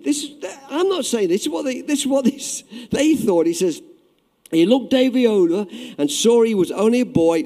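A man preaching a sermon, animated and direct, addressing his listeners. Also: sits high. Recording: long reverb in a hall.

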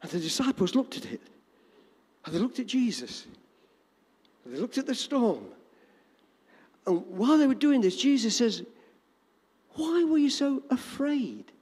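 A man preaching a sermon to a congregation, dramatic and animated. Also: high-pitched, moderate pace, long pauses, husky, in a large hall. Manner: animated, dramatic, shouting quoted lines.

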